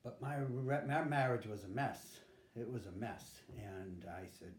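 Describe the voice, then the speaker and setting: An older veteran is interviewed about his life and recounts it candidly, acting out what people said. He speaks at a moderate pace in a lowish voice, with a roomy sound and a little hiss or hum.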